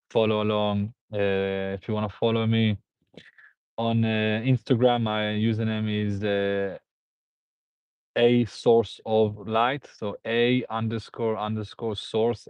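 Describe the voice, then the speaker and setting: A man's voice: fairly low pitch, a little mellow, smooth, no echo. A man hosting a live stream, rambling through viewer comments, laughing and repeating himself. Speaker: host. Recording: dull, dry lo-fi sound.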